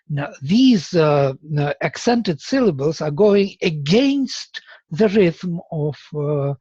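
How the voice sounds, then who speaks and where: Slow husky male lecturer. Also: a little high, darkish tone, no room sound. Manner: slow and deliberate, tapping out rhythms aloud. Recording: dull lo-fi lecture recording.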